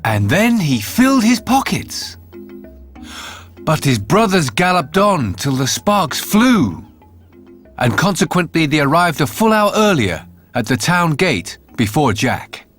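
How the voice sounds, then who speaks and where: Man narrating a fairy tale, very lively pitch, soft music underneath. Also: unhurried. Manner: expressive storytelling.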